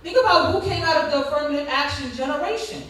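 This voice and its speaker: A woman with a high voice delivers a conference speech like a sermon. She tells stories and throws questions back to the crowd. Her voice rings through a large, echoey hall, picked up from far off the mic. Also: lively intonation, fast, a bit bright. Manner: preacher-like storytelling with crowd call-and-response. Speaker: school district leader giving a conference talk.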